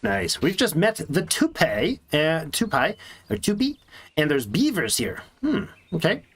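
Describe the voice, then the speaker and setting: A man's voice: on the high side, wildly swooping pitch, a little slow, fairly bright tone, husky. A man casually commenting on his strategy game as he plays, chatty and thinking aloud with little jokes to himself. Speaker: let's play streamer.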